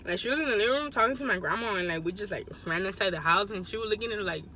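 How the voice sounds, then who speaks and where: A young woman hosting a mukbang vlog, talking loudly and casually, laughing often and slipping into Spanish. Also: medium pitch, rapid-fire, a little hiss or hum, poor audio. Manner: loud, animated, laughs a lot, mixes in Spanish. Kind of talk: casual chat.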